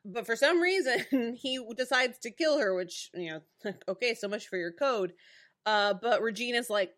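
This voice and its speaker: A woman's voice: fairly high pitch, animated, moderate pace, a bit bright. A woman co-hosting a podcast, chatting casually about a TV episode, laughing often and acting out characters' lines. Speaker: podcast co-host. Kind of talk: casual chat recapping a TV episode.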